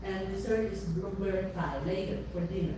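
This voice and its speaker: A woman's voice: medium pitch, steady tone, a little fast, crowd noise. A woman talking from across the room, offering food and drinks in plain, everyday speech. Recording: distant echoey room with background noise.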